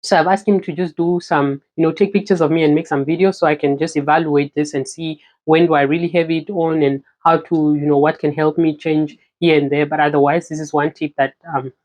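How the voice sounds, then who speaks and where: A woman's voice: sits low, steady tone, brisk, hardly any pauses, darkish tone. A young woman from Namibia vlogging casually to camera, chatty and full of "you know" fillers. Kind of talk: casual talking-to-camera vlog.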